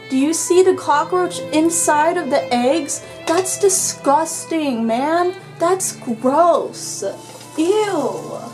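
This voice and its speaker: A woman's voice: sits high, rough recording. A young woman giving a casual cooking tutorial in her home kitchen, chatty, crude and swearing freely, easily grossed out. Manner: easily disgusted, grumbling. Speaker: cooking vlogger.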